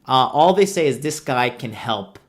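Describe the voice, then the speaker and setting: A man's voice: medium pitch, animated, normal speed. Profane, exasperated man ranting. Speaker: online commentator. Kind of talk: ranting movie review.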